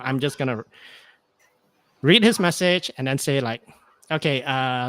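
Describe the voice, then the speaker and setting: A man's voice: mid-range voice, unhurried, pauses often, fairly bright tone, smooth. A man telling a rambling anecdote on a remote call, hesitant and full of fillers, acting out bits of dialogue. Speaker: podcast guest. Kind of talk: casual storytelling chat.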